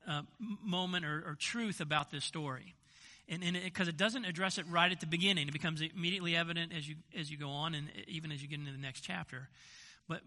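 A man's voice: on the high side, sharp tone. An older man, a grandfather and pastor, preaching a sermon in a conversational storytelling way, often restarting his sentences. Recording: long hall reverb.

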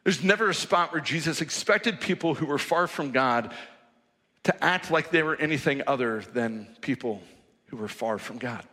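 Male pastor, sermon, bright voice, conversational storytelling, reverberant church hall. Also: fairly high pitch, animated, moderate pace.

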